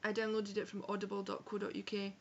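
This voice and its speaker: A woman's voice: mid-range voice, completely flat delivery, fast, vocal fry, highs cut off, a little hiss or hum. Chatty Edinburgh-accented woman vlogger. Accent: Scottish, Edinburgh. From Scotland. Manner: chatty, frank, sprinkled with swearing and self-corrections. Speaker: book vlogger. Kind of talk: casual book review vlog. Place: home room on a rainy day.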